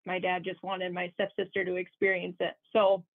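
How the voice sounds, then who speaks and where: A woman's voice: lowish voice, completely flat delivery, moderate pace, creaky. A young woman from Wisconsin telling a story as a guest, chatty, laughing often and full of fillers. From Wisconsin, USA. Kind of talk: casual storytelling. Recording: tinny phone-like line.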